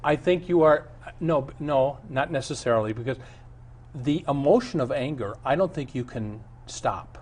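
A man's voice: medium pitch, animated, normal speed, a little mellow, husky. A male pastor preaching a sermon and then answering Bible questions in an earnest, storytelling way. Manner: earnest, storytelling, chuckles often.

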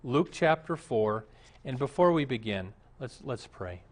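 A man's voice: mid-range voice, expressive, a little slow. Man, pastor, sermon, conversational preaching, asks the congregation questions.

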